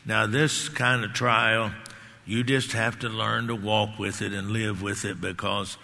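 A man's voice: lowish voice, little pitch movement, a little slow, gravelly, pushed and bright. A man preaching a sermon with emphatic delivery, repeating key words and rising on lines of scripture. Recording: long hall reverb.

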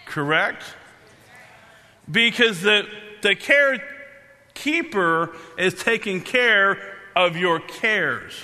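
High-voiced preacher in an echoing hall. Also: male voice, lively intonation, sharp tone. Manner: halting, repeats and restarts phrases; emphatic, slows down to stress key words. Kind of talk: sermon. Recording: long hall reverb.

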